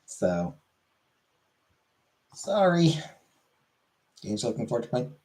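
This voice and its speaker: A man's voice: medium pitch, very animated, slow pace, darkish tone. Rambling casual man streamer. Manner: rambling, filler-heavy, answers chat. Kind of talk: casual chat.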